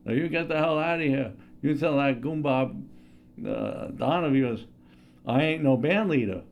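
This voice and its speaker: A man's voice: a little high, expressive, a little slow, narrow, tinny audio, voice pushed up. A man in his sixties playing an arrogant, furious male movie mogul who rants indignantly. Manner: blustering, indignant rant.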